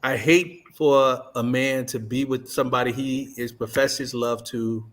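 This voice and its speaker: A man's voice: medium pitch, fairly even intonation, unhurried, a bit bright. A middle-aged man speaking earnestly in a casual panel chat, often repeating himself to keep the floor.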